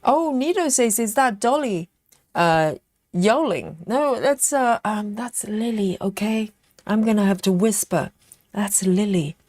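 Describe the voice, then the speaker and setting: A woman's voice: fairly high pitch, expressive, a little slow, a little mellow, dry recording. A woman hosting a live stream in casual, chatty talk, reading out and answering viewer comments with frequent laughs.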